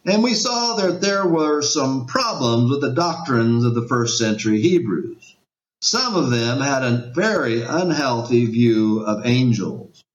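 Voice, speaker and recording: A man preaching a sermon as pastor, reading scripture aloud with emphatic rises and drops. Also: medium pitch. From United States. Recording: echoey room, dull lo-fi sound.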